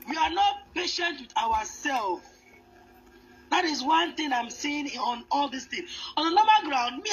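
A woman's voice: high-pitched, a bit bright, low-quality recording. A woman hosting a commentary show, speaking earnestly with many restarts and fillers. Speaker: host. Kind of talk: commentary on celebrity news.

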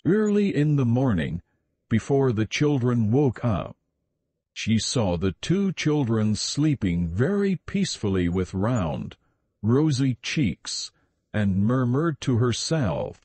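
Slow, soft-spoken male storyteller. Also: mid-range voice, slightly rough, no echo. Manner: slow, even reading. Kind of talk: calm storybook narration.

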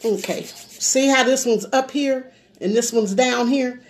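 A woman's voice: on the high side, unhurried. A woman chatting casually with viewers on a live makeup stream, folksy, and she keeps calling out to her audience. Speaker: beauty livestreamer.

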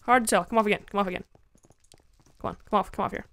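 A woman's voice: mid-range voice, fairly even intonation, racing, vocal fry, fairly bright tone, a little hiss or hum. A woman giving casual, giggly commentary while playing a game and talking to her chat, squealing when she is attacked. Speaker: Minecraft let's-play gamer.

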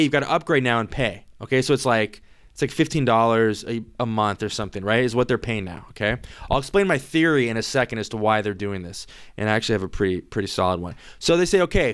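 In an informal screen-share explainer, a software company host speaks in a clean, mid-range voice. He sounds emphatic and reassuring, frequently repeating and restarting his words.

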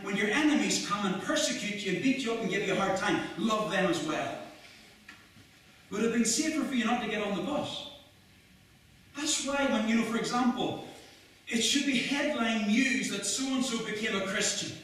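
A man's voice: high-pitched, animated, fairly bright tone. A man preaching an earnest, fervent sermon in a mission hall. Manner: earnest, rising to fervent, with quotes read slowly. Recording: very echoey hall, mic far off.

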